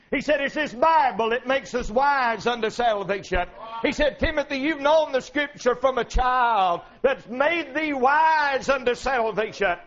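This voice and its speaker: High-pitched fervent preacher man. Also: fairly bright tone, lo-fi sound. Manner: fervent, rhythmic preaching with calls of amen. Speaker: traveling preacher. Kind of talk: revival sermon.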